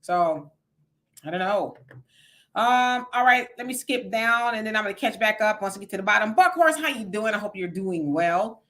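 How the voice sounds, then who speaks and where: A woman's voice: medium pitch, expressive, moderate pace, a bit bright. A woman hosting a casual livestream, reading viewer comments aloud and reacting to them as she talks straight to her audience. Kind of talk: casual live chat.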